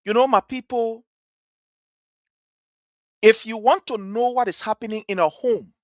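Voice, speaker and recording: Woman as talk-show host, preachy emphatic delivery, swooping pitch, dry muffled sound. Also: no echo. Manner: emphatic, repetitive, sermon-like rhetoric. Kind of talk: political commentary monologue.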